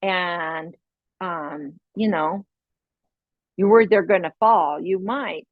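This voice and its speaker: A woman's voice: on the low side, slow pace, dry recording, phone-quality sound. A woman hosting a parenting podcast in a casual, chatty way, often adding "right?" and laughing as she talks. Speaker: podcast host.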